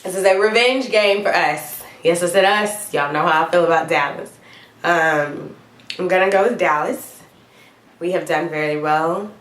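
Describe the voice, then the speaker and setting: A woman's voice: deep voice, fairly bright tone. A woman with a cold, coughing now and then, chatting casually through her football picks with little laughs and the odd "y'all". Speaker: vlogger giving football picks. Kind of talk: casual to-camera picks vlog. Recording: echoey room.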